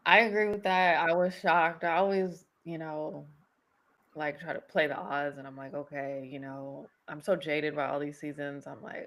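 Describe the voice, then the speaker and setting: A woman hosting a casual recap chat, talking in a chatty, animated way and laughing often. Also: low voice, normal speed. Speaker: podcast host.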